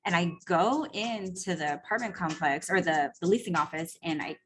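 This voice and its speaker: A woman coach talks straight to her listeners in a loose, swearing monologue. Her voice sits a little low, and she fills her sentences with "like" and "right?" as she acts out what people said. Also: moderate pace. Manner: chatty and profane, full of "like" and "right?"; animated, acts out quoted voices. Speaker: personal growth coach. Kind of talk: casual storytelling monologue.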